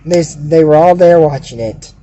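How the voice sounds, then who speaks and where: A man excitedly retelling a cartoon episode, gasping and shouting as he recaps the action. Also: a little high, moderate pace, lo-fi sound. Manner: animated, gasps and shouts with excitement.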